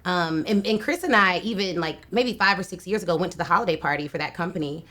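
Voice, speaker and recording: A woman's voice: fairly low pitch, quick pace. A woman in her thirties, a podcast guest, telling stories in a casual interview with lots of energy and frequent laughter. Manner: energetic storyteller, laughs often.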